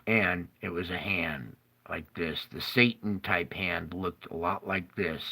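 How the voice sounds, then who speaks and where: Male storyteller, dramatic and rambling, with a slow delivery and a tense, bright edge. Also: deep voice, gravelly. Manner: animated and dramatic, rambling with restarts. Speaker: video storyteller. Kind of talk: casual storytelling monologue.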